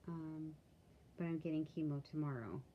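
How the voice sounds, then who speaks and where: A tired woman talking candidly in a casual video diary, with halting speech and many pauses and fillers. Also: sits low, highs cut off, a little hiss or hum. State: tired, yawning. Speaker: vlogger.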